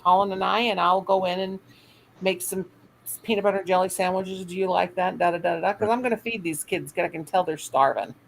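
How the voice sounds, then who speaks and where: A woman's voice: on the low side, brisk, vocal fry, slight background noise, rough recording. An older woman, a teacher, telling a rambling story in casual chat and acting out what other people said. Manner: rambling, animated quoting of others.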